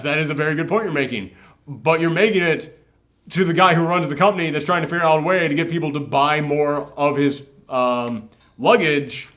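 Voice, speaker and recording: A man's voice: fairly high pitch, a bit bright. A man hosting a casual movie reaction chat, retelling scenes with animation and acting out the characters' lines. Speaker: podcast host.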